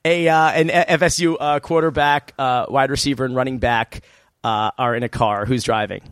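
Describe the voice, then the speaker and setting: A man, a filmmaker guest, telling stories and jokes in a casual chat, with deadpan punchlines. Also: medium pitch, moderate pace, smooth, no echo, clean studio sound. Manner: animated storyteller, deadpan punchlines. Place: hotel room.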